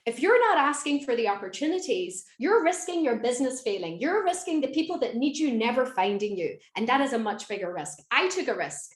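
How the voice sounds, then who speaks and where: High, energetic Irish woman rallying listeners. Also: a little fast, few pauses. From Ireland. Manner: energetic, rallying, keeps asking the audience to answer in chat. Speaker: business mentor and speaker. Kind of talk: motivational online talk. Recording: roomy echo.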